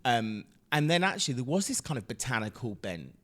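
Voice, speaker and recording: Animated man, laughing as he talks. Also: medium pitch, fairly quick. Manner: animated, laughing often, many restarts. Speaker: guest. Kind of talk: casual chat.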